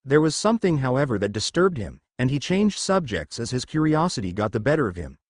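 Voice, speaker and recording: A man narrates a fan fiction story in an animated, expressive read, his pitch moving up and down freely. The sound is close and dry, with no room around it. He marks the characters' lines with small shifts in his voice. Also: brisk, no room sound.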